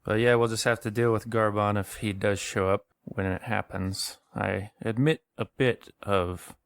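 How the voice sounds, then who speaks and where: A man playing a tabletop game, chatting in a relaxed way. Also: fairly low pitch, measured pace, creaky, dry recording. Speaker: player. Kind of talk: casual tabletop play.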